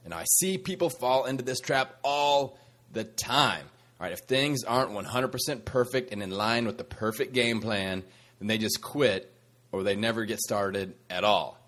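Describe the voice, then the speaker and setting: A fitness coach hosting his own podcast, speaking in a slightly low male voice. He talks to listeners in an upbeat, motivational way, teasing them with a sassy edge while he coaches. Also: moderate pace, fairly bright tone.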